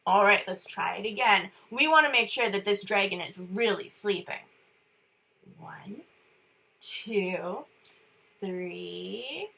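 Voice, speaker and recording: Slow, animated woman reading to kids. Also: mid-range voice, vocal fry, slightly rough. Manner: animated, coaxing kids to count and whisper along. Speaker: children's story reader. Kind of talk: reading a picture book to children.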